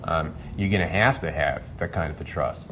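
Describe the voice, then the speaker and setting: A documentary filmmaker answering interview questions in a rambling way, with many restarts. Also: male voice, extremely low pitch, moderate pace, fairly bright tone, a little hiss or hum.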